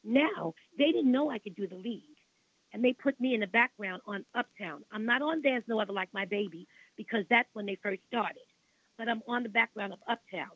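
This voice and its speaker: A woman's voice: a little high, moderate pace, dry recording. Older Brooklyn woman on a phone line. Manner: rambling, repeats herself, indignant about the past. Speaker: interview guest, singer. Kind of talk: storytelling in a radio interview.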